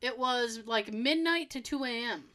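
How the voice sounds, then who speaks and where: A woman's voice: a little high, normal speed, pushed and bright. A woman co-hosting a podcast, telling a story in casual chat with frequent laughs and fillers. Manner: chatty storyteller, laughs often, many fillers. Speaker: podcast co-host.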